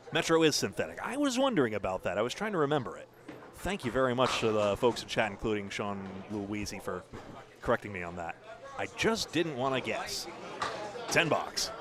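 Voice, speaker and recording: A man with a New England accent giving chatty, animated live play-by-play of a bowling match in a bowling alley. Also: mid-range voice. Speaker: bowling commentator. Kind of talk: live sports commentary. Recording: crowd noise behind.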